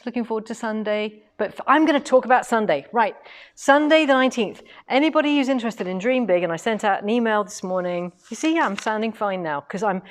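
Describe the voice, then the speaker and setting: A middle-aged woman from England, hosting a quilting shop's live stream in a chatty, lively way and reading out viewer comments. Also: mid-range voice. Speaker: quilting shop host.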